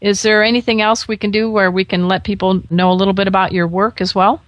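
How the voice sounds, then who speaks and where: A woman's voice: medium pitch, steady tone, fast talker, dry recording. A woman hosting a pet radio show, chatting in a bubbly, jokey way and laughing often. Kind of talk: casual radio interview.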